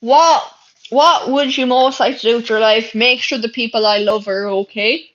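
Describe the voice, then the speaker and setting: A woman's voice: on the high side, moderate pace, fairly bright tone. A young Irish woman chatting casually on a livestream, reading out comments and answering bluntly with plenty of swearing and sarcasm. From Ireland. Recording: dull lo-fi stream audio.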